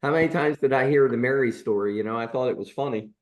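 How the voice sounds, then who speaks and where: A man's voice: medium pitch, quick pace. Rambling chiropractor in his sixties. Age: 60s. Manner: rambling, many fillers and restarts, chuckling storyteller. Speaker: chiropractor and podcast co-host. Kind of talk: casual storytelling chat.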